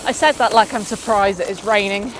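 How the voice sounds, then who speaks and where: A woman's voice: medium pitch, fairly even intonation, a little fast, background noise. A woman vlogging casually while cycling through a forest, chatting away and cooing at animals she meets. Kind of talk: casual chat while riding. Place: outdoors in a forest on a bike.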